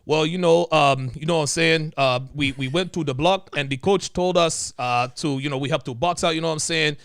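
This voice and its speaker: A man hosts a relaxed conversation and tells anecdotes with lots of filler and false starts. His voice sits somewhat high, and the recording is dry with no room sound. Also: a little fast, smooth, dry recording. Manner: rambling, many fillers and restarts. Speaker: host. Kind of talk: casual chat.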